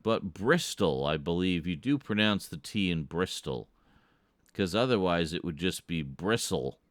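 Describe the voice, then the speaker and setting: A British man with a deep, expressive voice streams at a slightly slow pace, chatting casually with his chat. He jokes around and often chuckles at his own jokes, speaking with a British English accent.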